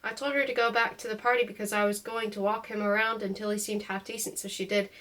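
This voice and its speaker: A woman reading a first-person novel aloud in an expressive, emotional way. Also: mid-range voice, fast talker, rough recording. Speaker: audiobook reader.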